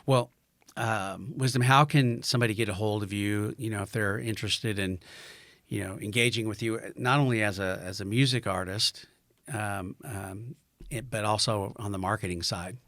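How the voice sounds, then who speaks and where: Low-voiced male podcast host, dry. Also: normal speed, no room sound. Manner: conversational, affirming, lively at sign-off. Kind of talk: casual interview chat. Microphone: close podcast mic.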